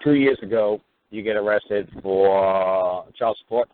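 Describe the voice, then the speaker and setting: A man's voice: fairly low pitch, a little slow. A man hosting a call-in talk show, blunt and sarcastic, breaking into profane rants. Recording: tinny phone-line sound with faint noise.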